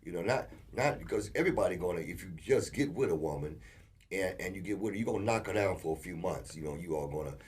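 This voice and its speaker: A man co-hosting a casual relationship talk show, telling animated stories and acting out quotes. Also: sits low, fast talker. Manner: animated storyteller, acts out quotes. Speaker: co-host.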